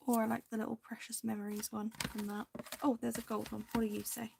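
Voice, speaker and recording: Lady rambling while she crafts, little whispery asides, kinda gravelly voice. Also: a little high, fairly even intonation, fairly quick, slight background noise. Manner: chatty, indecisive, muttering to herself, soft half-whispered asides. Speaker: crafting video host. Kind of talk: casual crafting chat to viewers.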